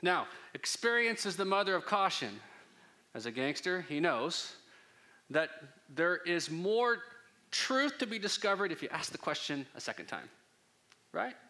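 Bright-voiced man preaching casually. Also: high voice, big pitch swings, measured pace. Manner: casual, joking, conversational preaching. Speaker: pastor. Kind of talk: sermon.

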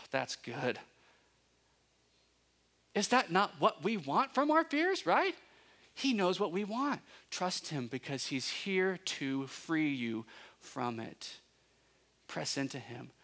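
A man preaching a sermon, asking his listeners questions and building to emphatic peaks, with relaxed conversational asides. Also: on the high side, takes it slowly, pauses often. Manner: conversational asides, self-correcting. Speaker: pastor.

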